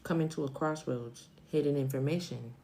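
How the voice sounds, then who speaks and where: A woman's voice: a bass voice, moderate pace, dark tone, a little hiss or hum, low-quality recording. A woman in her forties giving a casual, chatty tarot reading on a live stream, thinking aloud and wandering off topic. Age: 40s. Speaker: tarot reader.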